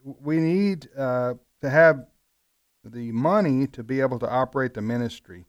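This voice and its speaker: A man's voice: mid-range voice, unhurried, smooth, lo-fi sound. Chatty radio host man. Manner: relaxed, chatty, frequent fillers and restarts. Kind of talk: casual radio fundraiser chat.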